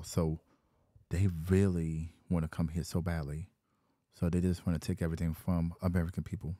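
Male vlogger, very low and mellow voice, repetitive complaining delivery. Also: no room sound. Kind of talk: casual rant.

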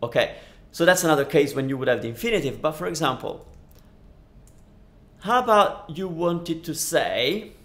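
A man's voice: fairly high pitch, lively intonation, moderate pace, pauses often, fairly bright tone. A man teaching a language lesson on a live stream, chatting and answering viewers' questions at a studio microphone. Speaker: Italian teacher.

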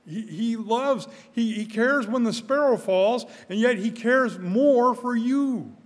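Older man, high-pitched, preaching, repeats himself, echoing church hall. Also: slow. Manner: earnest, repeats his words, rises in pitch and volume when stirred. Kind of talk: sermon. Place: church sanctuary. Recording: church hall with long reverb.

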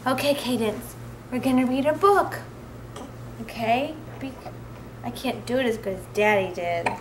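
A woman's voice: fairly high pitch, measured pace, noisy background. A new mother filming herself at home and cooing to her newborn baby in sing-song baby talk, recorded on a handheld camcorder.

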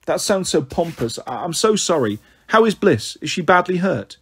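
Soft sorry schoolteacher guy, read by a man, gentle and fretful, husky voice. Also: a little high, big pitch swings, normal speed, heavily acted. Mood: apologetic. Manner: gentle, anxious, apologetic. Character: kind, apologetic male schoolteacher.

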